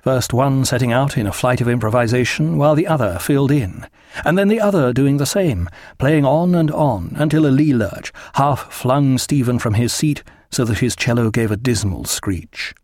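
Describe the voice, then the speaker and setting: A man narrating a historical sea novel as an audiobook, measured and expressive. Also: mid-range voice, no echo, clean studio sound.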